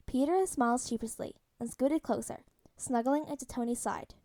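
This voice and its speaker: A woman reads fan fiction aloud as an audiobook-style podfic, her fairly high voice mellow and warm. She narrates at a normal speed in a soft, even storytelling manner that stays steady from line to line.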